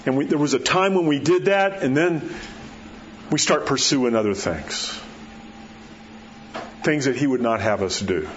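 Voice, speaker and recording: Man preacher, folksy storyteller, sinks to hushed tones for emphasis, a little muffled with faint room hum. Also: mid-range voice, lively intonation, unhurried, long pauses. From New Mexico. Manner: folksy storytelling, drops to a soft hush at key words. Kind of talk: sermon.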